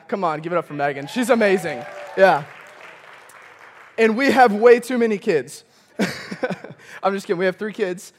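In a church auditorium, a young, high-pitched male campus pastor from Michigan preaches a sermon through animated storytelling. He chuckles often and calls out to the congregation.

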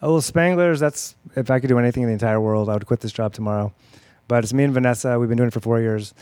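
A man's voice: mid-range voice, fast, a little mellow, smooth, dry recording. A man chatting casually as a comedy performer guest on a podcast, upbeat and chatty, laughing often. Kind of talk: casual chat. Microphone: podcast microphone.

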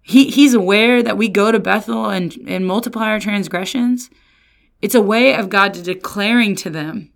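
A woman pastor giving a casual Bible lesson, lively and often slipping into sarcastic quoted voices. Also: mid-range voice, normal speed, vocal fry. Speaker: pastor and resident theologian.

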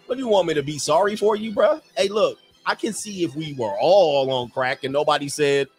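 A man's voice: a little high, fairly quick, breathy edge, soft background music. A man hosts a casual livestream, reading out viewer comments and answering them bluntly. He talks in loose street slang and drops short laughs between his points.

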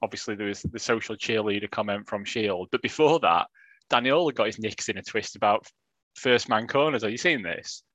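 A man's voice: lowish voice, normal speed, a bit bright, dry recording, low-quality recording. A man, co-hosting a podcast in casual, rambling, self-mocking chat. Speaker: podcast co-host.

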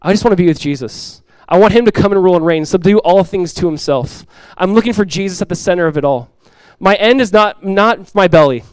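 A middle-aged man preaching a sermon as pastor to his church, earnest and direct, repeating key lines and acting out everyday voices with lively emphasis. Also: high voice, clear, resonant tone, dry recording, poor audio. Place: church sanctuary.

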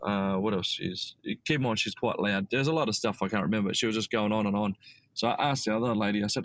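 A man's voice: lowish voice, fast, rough recording. Australian man rambling through a story. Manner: rambling, with many fillers and restarts. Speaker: guest. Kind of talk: casual storytelling.

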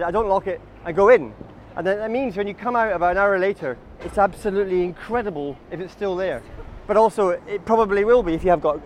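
Leading a walking group outdoors on a city street, a man with a high-pitched voice works as a comic tour guide, calling the group guys and telling chatty, absurd stories. Slight background noise runs underneath.

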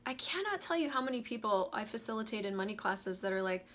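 A woman's voice: mid-range voice, lively intonation, fast, few pauses, fairly bright tone. A woman hosting a live coaching stream, talking animatedly, laughing and greeting viewers as she goes. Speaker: host of a live money coaching show.

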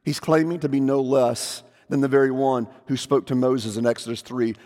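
A man preaches a sermon in a mid-range voice, building into loud, emphatic proclamation when he quotes scripture. He speaks in a church sanctuary, and a long reverb trails every phrase. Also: medium pitch, steady tone, normal speed. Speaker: pastor.

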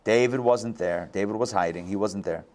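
A man teaching a Bible class. He reads verses aloud and breaks in with casual commentary, full of restarts and quick asides. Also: fairly low pitch, darkish tone.

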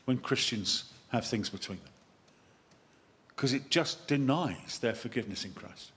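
A man, a vicar, giving a lively sermon that wanders into chatty, self-mocking asides. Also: mid-range voice, moderate pace. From England. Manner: animated, chatty preaching with digressions and self-deprecating asides.

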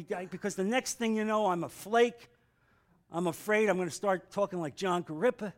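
A man's voice: high voice, normal speed. A man teaching a Bible class in an earnest sermon style, repeating phrases and calling for amens.

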